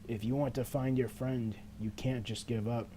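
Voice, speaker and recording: A man voicing an eerie little ghost girl in a game, speaking softly and low in a coaxing way. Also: fairly even intonation, normal speed, slight background noise, lightly acted. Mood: creepy soothing. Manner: soft, low, hushed coaxing. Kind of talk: reading game dialogue aloud.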